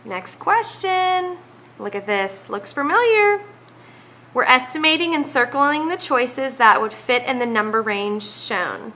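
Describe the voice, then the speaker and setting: Working each math homework problem at a relaxed pace, a woman teacher expressively counts the numbers down aloud. She sounds bright and clear, pitched a bit high, on a low-quality recording.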